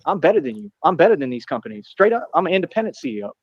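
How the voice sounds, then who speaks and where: A man's voice: a little high, very animated, breathy edge, lo-fi sound. A man talking in a boastful, defiant monologue, full of street slang. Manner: boastful, defiant, rapid slang-filled talk. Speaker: streamer in a played clip.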